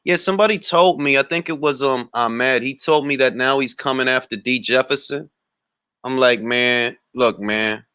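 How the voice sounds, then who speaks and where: A man's voice: mid-range voice, fairly quick, hardly any pauses, bright, forceful tone, clear, resonant tone, no room sound, clean studio sound. A man hosting a boxing livestream in casual, slangy chat and laughing often.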